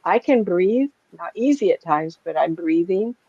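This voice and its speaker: A woman's voice: fairly low pitch, expressive, a little slow, breathy edge, no room sound. A woman in her sixties, a psychic medium, talking casually to a small group in a rambling, chatty way that is full of laughs. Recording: dull, lo-fi and dry.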